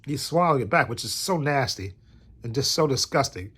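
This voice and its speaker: A man's voice: mid-range voice, animated, fairly quick, fairly bright tone, breathy edge. Male vlogger with a cold, rambling casual talk from bed, keeps circling back. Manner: rambling, repeats "like I said". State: recovering from a cold.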